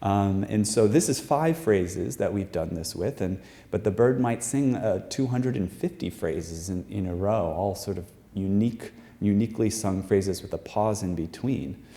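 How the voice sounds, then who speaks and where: An American man with a fairly low, dark voice presents his research from a performing arts center stage at a moderate pace. He explains things patiently to the live audience, with frequent fillers and restarts.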